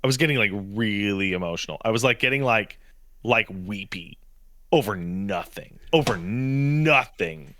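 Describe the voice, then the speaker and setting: Bright, animated podcast co-host man. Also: lowish voice, normal speed, no room sound, studio quality. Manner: animated storytelling, jokey insults. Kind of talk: casual chat.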